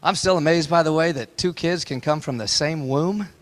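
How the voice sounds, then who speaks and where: A man in his forties addresses a town hall crowd, his voice sitting a little high for a man. He tells stories in a folksy way and builds to impassioned, repeated lines, speaking as a candidate rallying supporters. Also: normal speed. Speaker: political candidate. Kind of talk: town hall campaign speech. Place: town hall meeting room.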